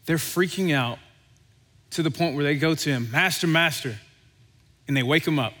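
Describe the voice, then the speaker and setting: A male pastor preaching a sermon, with relaxed, conversational delivery and animated storytelling. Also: fairly high pitch, a little fast. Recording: long hall reverb.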